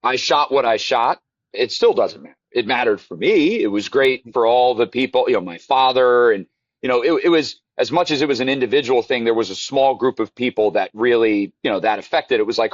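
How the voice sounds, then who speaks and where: A man speaking as a guest in a relaxed interview, telling an emotional story that rambles and restarts. His voice is low-pitched and close on the mic, with a dull, lo-fi, dry sound. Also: fairly quick, dry recording. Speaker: golf instructor guest. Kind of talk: casual interview chat.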